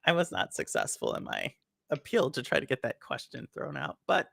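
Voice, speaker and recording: A woman's voice: a bass voice, wildly swooping pitch, brisk, creaky, husky, dry recording, clean studio sound. A woman hosting a casual podcast chat, telling a rambling story full of "like" and restarts. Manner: rambling, filler-heavy storytelling. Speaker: podcast host.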